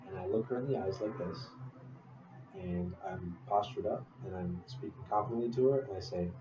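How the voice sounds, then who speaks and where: A man's voice: low voice, moderate pace, dull audio. A young man telling a personal story in a casual, rambling way, full of fillers and asides. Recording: distant roomy mic with noise.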